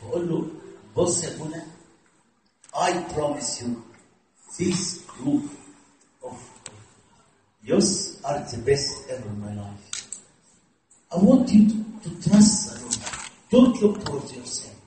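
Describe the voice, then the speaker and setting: An older man with an Egyptian accent preaches with real fervor, switching between English and Arabic and calling on the crowd to repeat after him. His voice sits high for a man. The sound comes from a distance, with heavy echo from a large hall and faint noise underneath. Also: unhurried, long pauses. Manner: animated preaching, mixing English with Arabic, rallies audience call-and-response. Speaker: priest. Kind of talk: sermon. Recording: echoey hall from far off.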